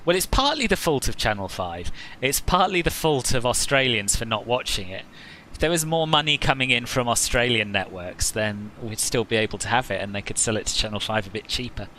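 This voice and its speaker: A man's voice: medium pitch, expressive, brisk, hardly any pauses, bright, forceful tone, a little hiss or hum, rough recording. A man chatting casually as he streams a flight simulator session, joking with viewers and often laughing at himself. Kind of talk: casual live-stream commentary.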